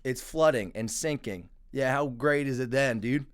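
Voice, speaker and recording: A man's voice: medium pitch, normal speed, smooth. A young man in his twenties hosting a solo podcast, rambling and swearing in a mocking, casual rant. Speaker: podcast host.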